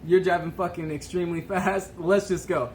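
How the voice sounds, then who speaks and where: A man's voice: sits high, fairly even intonation, normal speed, a little mellow, a little hiss or hum, low-quality recording. A man co-hosting a podcast, telling a drinking story in casual chat, swearing freely and laughing as he goes. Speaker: podcast co-host.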